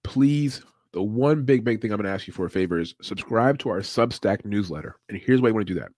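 Casual male podcast host, a bit low-pitched, swears freely, laughs a lot, dry close sound. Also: animated, quick pace, a little mellow, no echo. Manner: loose, profane, laughs often. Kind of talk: casual livestream chat.

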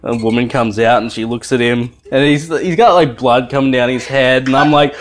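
A young man, a dad telling a family story in a lively, laughing way, swearing freely while he cooks at home in the kitchen. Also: mid-range voice, fairly quick, few pauses, a little hiss or hum. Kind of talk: animated casual storytelling.

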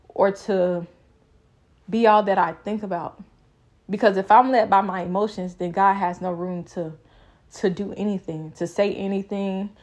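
A young adult woman vlogging a personal faith reflection, with an emphatic, repetitive, preaching cadence. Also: medium pitch.

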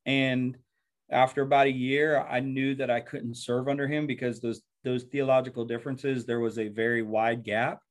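A man's voice: mid-range voice, level tone, moderate pace. Earnest man pastor telling his story. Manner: earnest, reflective, often repeats words as he talks. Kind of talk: personal storytelling interview.

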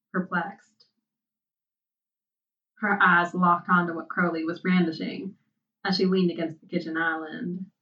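A woman narrating a story aloud in an unhurried, soft-spoken way. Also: mid-range voice. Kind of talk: storybook reading. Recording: dull, distant sound.

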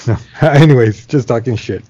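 A man's voice: mid-range voice, normal speed, mellow, no room sound. A man chatting casually as a podcast co-host, easygoing and a bit unsure, trailing off. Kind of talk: casual chat. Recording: dull, lo-fi mic.

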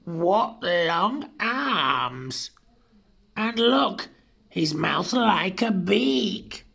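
Mother T. rex, big and dim, fussy, slow raised singsong, voiced by a man. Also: sits high, big pitch swings, creaky, pushed and bright, slightly rough, voice pushed up, heavily acted. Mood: grumbling.

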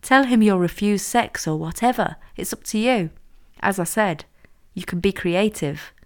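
A woman's voice: mid-range voice, normal speed, close to an everyday voice. A woman voicing a confident, scheming young woman who pushes her friend around, in a read-aloud story. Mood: bossy. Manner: confident, pushy, teasing.

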